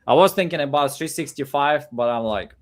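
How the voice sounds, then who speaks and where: A man's voice: a little high, fairly quick. A man hosting a casual live stream, rambling and repeating words as he thinks aloud. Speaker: livestream host.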